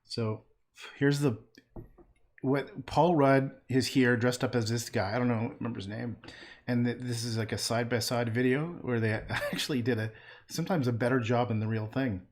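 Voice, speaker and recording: A man's voice: medium pitch, steady tone, normal speed. A man painting and chatting casually on a livestream, rambling and trailing off into muttered asides.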